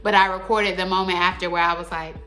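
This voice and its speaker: A young adult woman telling a story to her viewers in a casual, animated, slangy way. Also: fairly low pitch, fast, soft background music. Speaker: vlogger.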